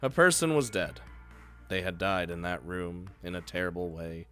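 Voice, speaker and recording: A man's voice: deep voice, moderate pace, fairly bright tone, soft background music. A young man reading a video game's text aloud and adding casual, joking commentary, with occasional swearing. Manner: joking, swears, laughs between lines. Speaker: let's play player.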